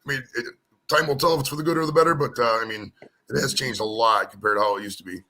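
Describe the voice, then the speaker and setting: A man's voice: mid-range voice, fast talker, sharp tone. An American man talking casually on a live stream, rambling and repeating words, often tagging sentences with "man". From United States. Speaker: co-host.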